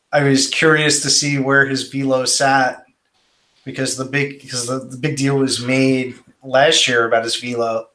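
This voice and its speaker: A man's voice: medium pitch, a bit bright. A man co-hosting a podcast in casual chat, with many ums and restarts. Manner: halting, lots of restarts and ums. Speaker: podcast co-host.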